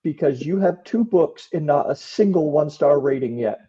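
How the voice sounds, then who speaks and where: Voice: medium pitch, animated, normal speed, warm tone, slightly rough, dull audio. A podcast host asking pointed, teasing questions in a casual interview.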